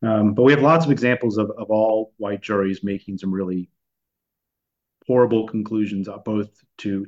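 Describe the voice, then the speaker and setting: A lower-pitched man who co-hosts a podcast and talks through his points in a halting, thoughtful way. He restarts his phrases and fills pauses often. The recording is muffled and lo-fi. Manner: hesitant, many restarts and fillers. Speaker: podcast co-host. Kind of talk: conversational discussion. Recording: dull lo-fi recording.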